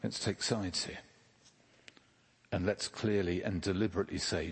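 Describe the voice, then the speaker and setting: A man's voice: lowish voice, animated, measured pace, a bit bright, slightly rough, in a large hall. A man preaching a sermon in a conversational way, asking rhetorical questions and dropping casual asides. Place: church.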